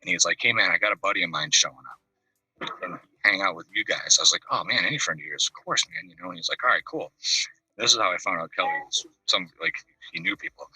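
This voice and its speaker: A fast-talking man with a low, husky voice tells a rambling story and slips into the voices of the people in it. His voice is bright and swings widely in pitch. He sits back from the mic on a dry video call. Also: no room sound, far from the mic, poor audio. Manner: rambling anecdotes, acts out the voices of the people in them. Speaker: caller. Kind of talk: casual storytelling.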